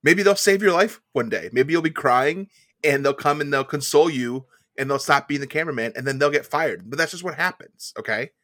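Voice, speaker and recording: A man's voice: on the high side, brisk, a bit bright, dry recording. Enthusiastic podcast guy, dry sound. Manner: enthusiastic, playful rants with mock advice. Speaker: podcast co-host. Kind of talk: casual chat recapping a cooking show.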